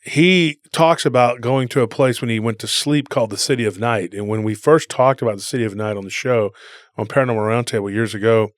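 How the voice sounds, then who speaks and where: Male podcast co-host, rambling casual storyteller, says dude, dry close sound, mid-pitched voice. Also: brisk, dry recording.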